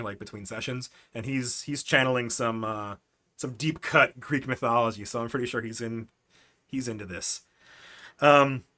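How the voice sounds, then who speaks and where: Bright-voiced man casually recapping a game. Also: mid-range voice. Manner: rambling, self-correcting, laughs often. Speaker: game master streaming session prep.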